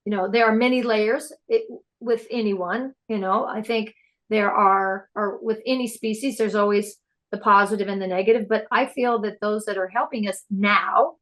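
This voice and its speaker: A woman guest on a podcast, telling personal stories in an excitable, animated way. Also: medium pitch, moderate pace. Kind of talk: casual spiritual interview chat.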